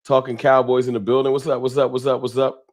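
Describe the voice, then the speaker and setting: This livestream host talks fast, with a medium-pitched, level-toned voice, chatting casually into a desk microphone in a home room marked by a wall sign. One by one he greets viewers in laid-back slang while keeping up a loose back-and-forth with the chat.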